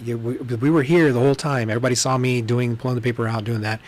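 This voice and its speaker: A man's voice: mid-range voice, fairly even intonation, very fast, few pauses. A man hosting a casual solo livestream podcast, telling rambling stories with plenty of ums and blunt profanity. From Texas. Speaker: podcast host. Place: room at home with books behind him. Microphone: webcam livestream, on camera.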